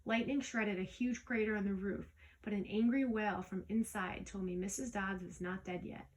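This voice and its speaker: A woman reading a storybook aloud in the first person, lively, with small slips that she corrects as she goes. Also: mid-range voice, moderate pace, hardly any pauses, low-quality recording. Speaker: audiobook reader. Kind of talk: storybook read-aloud narration.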